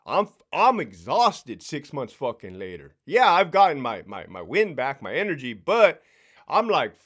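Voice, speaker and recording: A man's voice: fairly high pitch, wildly swooping pitch, measured pace, a bit bright. Blunt, profane ex-sergeant man ranting. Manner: repeats words, restarts. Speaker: former prison sergeant. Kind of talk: casual ranting vlog.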